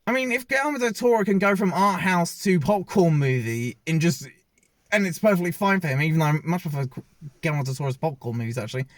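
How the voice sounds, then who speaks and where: A man's voice: on the high side, fast, no echo. A man giving a casual, opinionated film review, rambling and often correcting himself mid-sentence as he films himself. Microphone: self-filmed camera.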